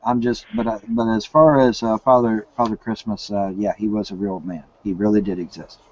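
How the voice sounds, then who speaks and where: A man's voice: on the low side, steady tone, fairly quick, a little mellow. Guy rambling on a video call, folksy and hesitant, kinda muffled lo-fi sound. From Kentucky, USA. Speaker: live hangout host. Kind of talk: casual chat. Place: home in the woods. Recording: dull lo-fi call audio.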